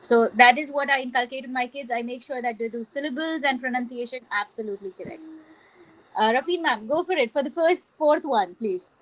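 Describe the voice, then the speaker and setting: A woman's voice: high voice, brisk, low-quality recording. A woman with an Indian English accent teaching pronunciation on a webinar video call, earnest and explanatory, with many fillers. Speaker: phonics and language trainer, guest.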